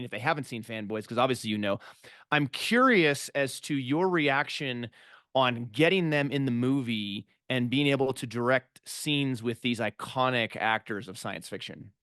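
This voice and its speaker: A man's voice: mid-range voice, fairly bright tone, clean tone, dry recording, clean studio sound. A man hosting a podcast interview, an eager fan who asks long, rambling questions. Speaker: podcast host. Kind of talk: casual interview.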